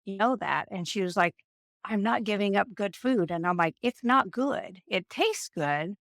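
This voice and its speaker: A woman in her fifties, a nurse, telling stories in an interview and acting out the people she quotes in an animated way. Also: medium pitch, moderate pace, gravelly, no room sound, clean studio sound. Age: 50s. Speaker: nurse and guest. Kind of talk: storytelling interview.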